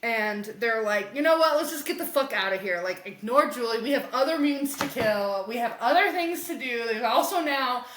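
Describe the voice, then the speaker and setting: A young woman podcast co-host recapping a comic in casual chat, animated and laughing as she acts out the characters' lines. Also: fairly high pitch, moderate pace, few pauses, background noise. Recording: echoey room.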